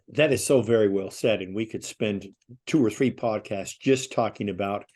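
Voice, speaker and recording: A man's voice: on the low side, moderate pace, darkish tone, breathy edge. A man hosting a podcast, talking casually and setting up his questions at length. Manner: conversational, leads with long setups to questions. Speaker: podcast host. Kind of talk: casual interview conversation.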